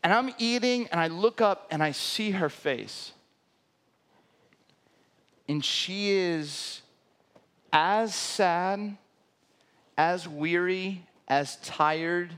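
A man's voice: sits high, fairly bright tone, clean tone. A man in his thirties preaching a sermon as a pastor, telling a personal story and acting out the quoted dialogue.

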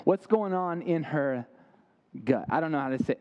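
A man's voice: fairly high pitch, expressive, normal speed, lo-fi sound. A young man giving an interactive sermon, quizzing his listeners and making playful asides. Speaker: youth camp speaker.

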